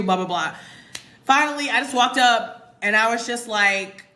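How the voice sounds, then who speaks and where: Chatty American woman, bright voice. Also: mid-range voice, moderate pace. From United States. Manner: chatty, emphatic, addresses viewers as y'all. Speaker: expat content creator. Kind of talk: casual livestream chat. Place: home in Mexico. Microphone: phone.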